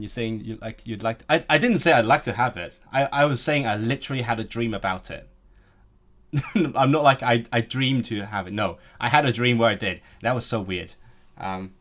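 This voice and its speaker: A young man, in his late twenties, at a middle pitch. He chats on a live stream and answers viewers in a joking way, tripping over repeated words and restarting his sentences as he goes. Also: fairly bright tone. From Hong Kong. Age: late 20s. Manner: chatty and joking, with frequent stammered restarts. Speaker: language-learning streamer. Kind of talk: casual live-stream chat, reading out viewer comments.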